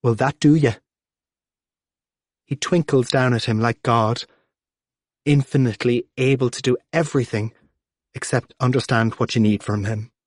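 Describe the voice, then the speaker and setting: A man narrates an audiobook in a dry, close recording. He shifts his pitch to voice the different characters. His voice sits at an ordinary middle pitch. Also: fairly even intonation, normal speed, no room sound.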